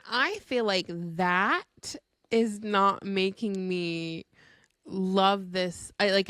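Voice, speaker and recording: A woman co-hosting a podcast in relaxed casual chat, hesitant and searching for words, with the odd swear. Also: fairly low pitch, clear, resonant tone, dry recording. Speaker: podcast co-host.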